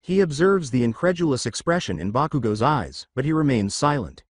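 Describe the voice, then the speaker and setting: A man reads fan fiction aloud in a steady storytelling manner. His voice sits at a middle pitch with lively swings, and the recording is dry and close. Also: a little fast, hardly any pauses, no room sound. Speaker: narrator. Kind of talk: scripted fan fiction narration.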